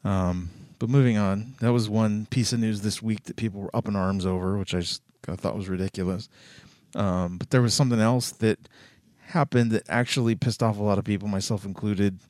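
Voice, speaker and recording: A man's voice: fairly low pitch, steady tone, fairly quick, darkish tone, dry recording, studio quality. A man hosting a casual commentary show, loose and swearing, with lots of fillers. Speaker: host.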